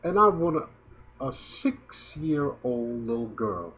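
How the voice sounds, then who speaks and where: A man's voice: medium pitch, big pitch swings, takes it slowly, fairly bright tone. A man in his fifties giving emotional spoken commentary, indignant and stumbling as he repeats his words. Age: 50s. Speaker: video blogger. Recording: dull lo-fi recording.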